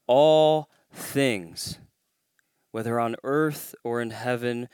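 Emphatic male pastor, slow and clear. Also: medium pitch, no room sound, studio quality. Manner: emphatic, rising to stress key claims. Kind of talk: sermon.

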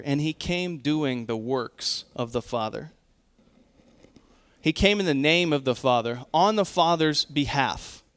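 A man pastor preaching a sermon, earnest and emphatic, often quoting scripture and pausing to correct himself. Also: a little high, fairly bright tone, clear, resonant tone.

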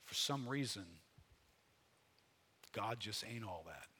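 A man preaching a sermon in a conversational, folksy way, rising loud and dropping low. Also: lively intonation, slow pace, a little hiss or hum. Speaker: pastor.

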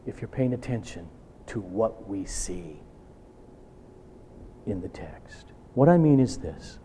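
A man preaching a sermon, asking rhetorical questions and swinging between loud emphatic bursts and hushed asides. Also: mid-range voice, lively intonation, slow pace, husky. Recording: long hall reverb.

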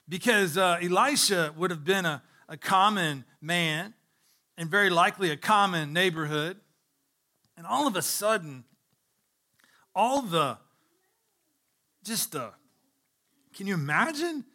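High, bright-voiced preacher man, emphatic. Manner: emphatic, repeats phrases for stress; addresses the congregation directly. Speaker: pastor. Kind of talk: sermon.

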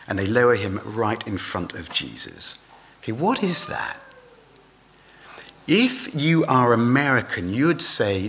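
A man's voice: medium pitch, sing-song, a little slow, fairly bright tone, a little hiss or hum. A man preaching a sermon, asking his listeners rhetorical questions.

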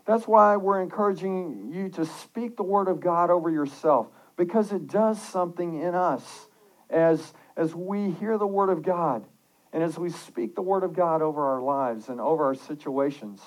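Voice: medium pitch, moderate pace, low-quality recording. Earnest pastor preaching a sermon. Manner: earnest, conversational preaching with frequent restarts; reads scripture and devotional passages aloud.

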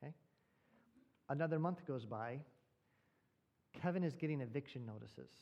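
A man's voice: mid-range voice, expressive, normal speed, highs cut off. A male pastor preaching a sermon, telling a story and posing rhetorical questions.

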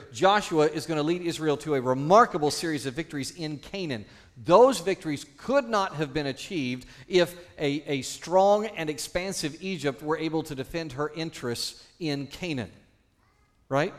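Male pastor preaching a sermon; somewhat high voice, emphatic, swings from loud to hushed, quizzes the congregation. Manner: teaching, asks the congregation questions.

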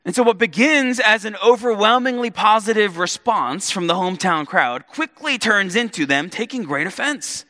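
A man preaches from the pulpit with a lively, sweeping delivery and playful asides. His voice is bright and forceful, a bit high for a man. Long reverb from a church hall trails his words. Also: moderate pace, few pauses. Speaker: pastor. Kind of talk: sermon.

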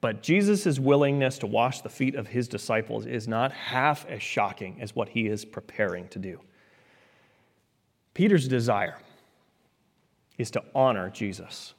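A male preacher delivers a sermon in an earnest voice that rises for emphasis and drops low and soft to drive points home. His words carry a long reverb, as if from a large church sanctuary. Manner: earnest, rising and falling emphasis.

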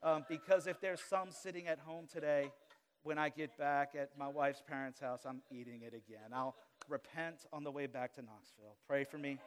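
Higher-voiced preacher swinging loud and soft. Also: male voice, fairly even intonation, normal speed. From Louisiana, US. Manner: dynamic preaching, swings between loud emphasis and quiet asides; humorous confessional asides. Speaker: pastor. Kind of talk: live sermon. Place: church sanctuary before a congregation.

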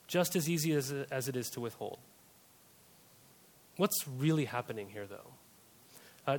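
A man's voice: mid-range voice, a bit bright. A young male pastor preaching a sermon, talking conversationally and asking the congregation rhetorical questions. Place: church service.

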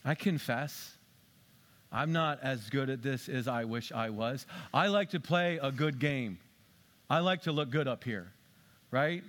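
A pastor delivers a sermon in an unhurried, conversational way, cracking jokes and poking fun at himself. He swings between loud, emphatic bursts and low, quiet passages.

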